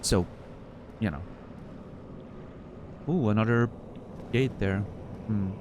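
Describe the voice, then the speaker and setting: A man's voice: fairly low pitch, slow pace, noisy background. A man streaming a game, chatting casually in a rambling way with many restarts while he plays. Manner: rambling, chatty storyteller with frequent laughs and restarts.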